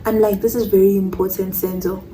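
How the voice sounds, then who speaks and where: A woman's voice: mid-range voice, flat delivery, a little fast, mellow, recorded from a distance, a little hiss or hum, rough recording. A young woman telling a personal story in a casual storytime, rambling, repeating herself and stumbling over words. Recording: voice a bit off-mic.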